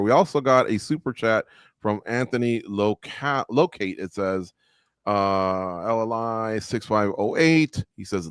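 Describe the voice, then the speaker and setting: A man's voice: lowish voice, lively intonation, a little slow, clear, resonant tone, no echo, studio quality. A man co-hosting a live sports roundtable in casual chat, rambling and reading out viewer comments.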